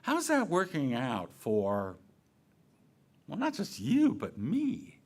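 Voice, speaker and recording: A male minister speaking in a casual, conversational way. His pitch swings up and down a lot as he moves between questions, playful asides and gentle points. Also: huge pitch swings, takes it slowly. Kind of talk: sermon.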